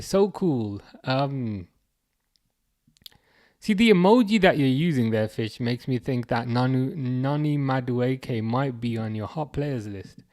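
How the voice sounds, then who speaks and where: Man, Birmingham accent, casual livestream host, halting delivery, frequent restarts, mid-pitched voice. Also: a little mellow. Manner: halting, restarts often, chuckles, reads comments aloud. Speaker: livestream host reading chat.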